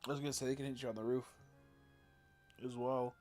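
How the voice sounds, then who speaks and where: A man's voice: medium pitch, fairly even intonation, very fast. A young man streaming a game, tired and swearing as he chats to viewers. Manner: tired, swearing, talks to chat. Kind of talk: casual gaming commentary. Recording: game music behind.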